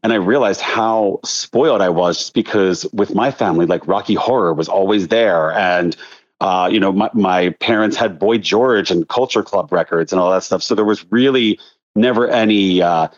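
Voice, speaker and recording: A man in his thirties from outside Philadelphia, a podcast guest telling animated stories with lots of fillers. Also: sits low, moderate pace. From outside Philadelphia, Delaware County. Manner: chatty, animated storytelling with many fillers. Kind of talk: casual podcast chat. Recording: slightly dull, lo-fi sound.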